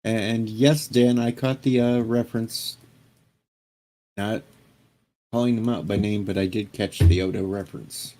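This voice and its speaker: A man hosting a livestream, chatting casually with a guest and his viewers in a relaxed, jokey way and stumbling into his sentences. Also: fairly low pitch, measured pace, pauses often. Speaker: livestream host. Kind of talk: casual chat.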